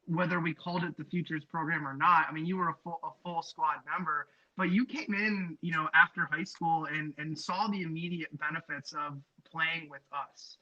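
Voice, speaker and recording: A man's voice: fairly high pitch, fairly even intonation, normal speed, hardly any pauses, no room sound. A man hosting a podcast, asking long, rambling questions full of ums and restarts. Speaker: podcast host. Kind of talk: casual interview chat. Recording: dry, dull lo-fi podcast audio.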